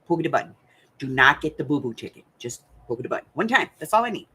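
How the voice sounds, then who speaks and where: A woman's voice: very deep voice, big pitch swings, fast, pushed and bright, slightly rough. An older woman from the United States hosting a crafting channel, chatting casually and rambling to her viewers while she thinks aloud.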